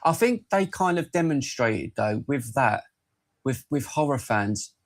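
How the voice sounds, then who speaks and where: A man co-hosting a horror podcast, talking excitably with lots of restarts and swearing. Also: mid-range voice, a little slow. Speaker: podcast co-host. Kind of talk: casual podcast chat.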